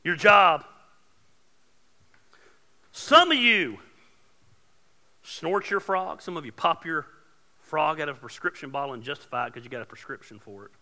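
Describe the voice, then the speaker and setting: A man preaching a sermon as pastor, casual and joking, building to loud emphatic points. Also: fairly high pitch, lively intonation, normal speed, pauses often, in a large hall.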